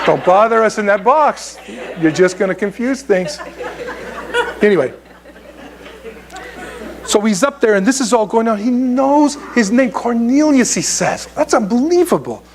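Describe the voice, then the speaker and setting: A man's voice: high-pitched, expressive, measured pace, long pauses, a crowd in the background. A man preaching a sermon as pastor, in a conversational, joking way, often restarting his sentences. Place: church sanctuary.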